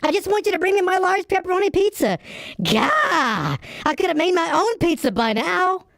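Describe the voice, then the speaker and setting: A woman plays an exasperated young man on the phone, trying to order a pizza. His voice sits high and leaps around a lot. The recording is dry and close. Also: lively intonation, normal speed, no room sound. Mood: angry. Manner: exasperated, keeps getting cut off. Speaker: customer.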